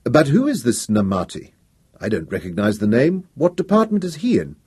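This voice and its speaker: A man's voice: mid-range voice, wildly swooping pitch, a little mellow, slightly rough, dry recording, clean studio sound, heavily acted. A man voicing a firm, aging professor. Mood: puzzled. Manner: measured and commanding, with polite formality. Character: aging male professor, calm, firm and authoritative.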